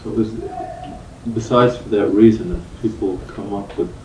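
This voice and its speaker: Male student, deep dark voice, hesitant, recorded roomy and distant. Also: fairly even intonation, moderate pace, slight background noise. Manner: hesitant, restarts phrases. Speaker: student asking a question. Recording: roomy sound from far off the mic.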